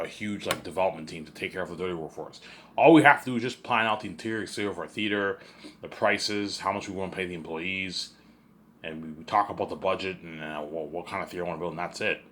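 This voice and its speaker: A man's voice: sits low, a bit bright. A young Canadian man with a slight Canadian accent, rambling through a casual monologue, repeating words and swearing offhandedly. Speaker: host.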